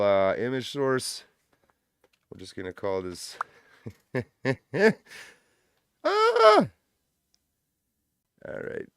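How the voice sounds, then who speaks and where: A man hosting a livestream in loose, profane, casual chat, breaking into loud laughs. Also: lowish voice, gravelly, clean tone, no room sound, clean studio sound. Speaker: livestream host.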